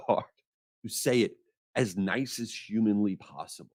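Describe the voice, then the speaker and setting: A man hosting a podcast, telling an exasperated, animated story in a casual rant. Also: fairly low pitch, measured pace, no room sound, clean studio sound. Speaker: podcast host.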